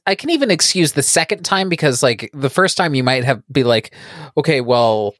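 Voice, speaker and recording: A woman in a casual chat, reacting with animated, laughing comments. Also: rumbling low, moderate pace, no room sound, clean studio sound.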